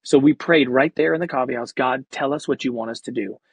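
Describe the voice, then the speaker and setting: A man's voice: mid-range voice, fairly quick, slightly rough, dry recording. A man who is an actor and comedian, telling a story animatedly in casual, slangy talk as a podcast guest. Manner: energetic, acts out quoted voices.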